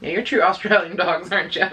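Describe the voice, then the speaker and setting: A woman's voice: mid-range voice, normal speed, sharp tone, slightly rough. A woman in her thirties talking casually to camera in a pet vlog, chatty and rambling, with fillers and small laughs. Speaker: pet vlogger.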